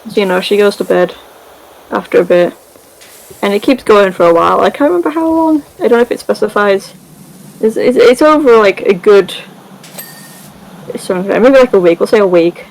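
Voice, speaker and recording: A woman's voice: mid-range voice, expressive, moderate pace, vocal fry, pauses often, a little mellow, poor audio. A woman gaming creator casually recapping a story over gameplay, chatty and rambling with many fillers and giggles.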